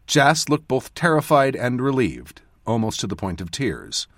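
A man's voice: unhurried, no echo, clean studio sound. A man narrating a fantasy audiobook, giving the characters their own voices. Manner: voices characters with lively shifts in pitch and loudness. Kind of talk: scripted narration.

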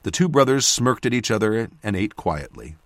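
A man narrating a fantasy audiobook in the first person with expressive storytelling. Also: fairly low pitch, moderate pace, dry recording.

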